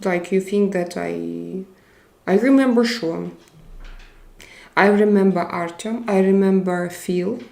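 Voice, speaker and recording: A woman hosting a live stream, chatting casually and reading viewer comments aloud in a halting, chatty way. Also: medium pitch, gravelly, dark tone. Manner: halting, chatty, laughs often. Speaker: livestream host. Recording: roomy echo.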